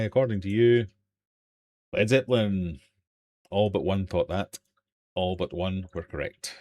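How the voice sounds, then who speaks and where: A British man with a fairly low voice hosts a relaxed live-stream quiz night. He reads out questions and answers in a playful, jokey way, bantering with viewers in the chat. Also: moderate pace, pauses often. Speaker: quiz host. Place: home fish room.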